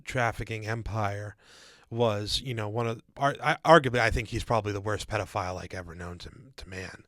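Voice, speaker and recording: A man's voice: on the low side, a little fast, a bit bright, no room sound. A man co-hosting a casual podcast discussion, talking in a rambling way with many fillers and restarts. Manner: casual, calls listeners "guys" and "dude". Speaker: podcast co-host.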